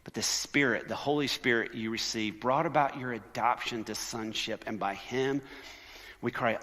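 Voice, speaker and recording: Male conference speaker, lively sermon delivery that acts out voices, recorded in a big reverberant hall. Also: medium pitch, normal speed. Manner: animated, conversational, shifts into quoted voices. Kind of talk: sermon-style talk.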